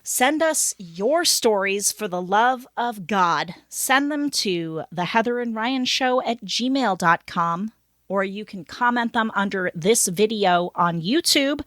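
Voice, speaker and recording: A woman co-hosting a podcast, reading funny stories aloud in an animated, giggly way. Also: mid-range voice, no echo, studio quality. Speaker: podcast co-host.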